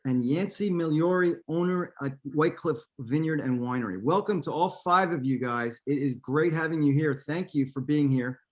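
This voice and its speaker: A man's voice: fairly high pitch, moderate pace, few pauses, lo-fi sound. A man hosting a virtual wine tasting over a video call, upbeat and chatty with plenty of fillers. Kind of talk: casual hosting.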